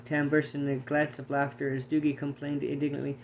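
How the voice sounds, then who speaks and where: A man reading a storybook aloud to his children, with a steady, plain delivery and small slips. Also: a little high, normal speed, hardly any pauses, highs cut off, slight background noise.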